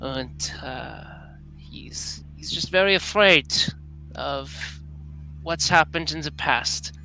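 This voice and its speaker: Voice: medium pitch, slow pace, slight background noise, low-quality recording. A player voicing a weary elf father. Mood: troubled. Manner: soft, hesitant, fatherly.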